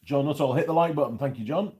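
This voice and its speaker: Talking fast in a slightly high, somewhat mellow voice, this middle-aged pie-reviewing channel host eats while reading out viewer comments. The casual live-chat vlog finds him rambling freely.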